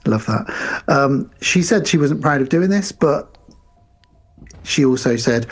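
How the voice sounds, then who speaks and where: A man co-hosting a podcast, casually retelling film scenes and acting out the characters' lines in quick snatches. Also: on the high side, lively intonation, breathy edge. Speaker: podcast co-host. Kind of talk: casual film review chat.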